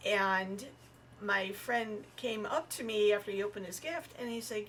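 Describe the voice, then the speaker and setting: A woman comic, guesting on a podcast, tells personal anecdotes in a lively, chatty way, imitating the voices of those she describes. Her pitch is medium and her pace moderate, with a little hiss or hum in the recording.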